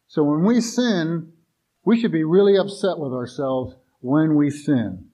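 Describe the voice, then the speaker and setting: A man with a slightly raised, husky voice preaches to his congregation in a folksy, conversational way. He stumbles over his words and restarts often, and slips into everyday voices when he quotes people. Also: a little high, unhurried, warm tone. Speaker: pastor. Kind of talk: sermon.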